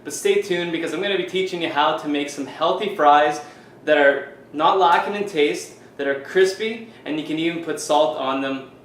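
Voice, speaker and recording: This is a casual cooking demo from a Canadian fitness coach in his home kitchen, talking to camera in a chatty, loose way peppered with "you know" and other fillers. His voice is a little high and fairly bright at a normal speed, and the rough recording sounds roomy with slight background noise.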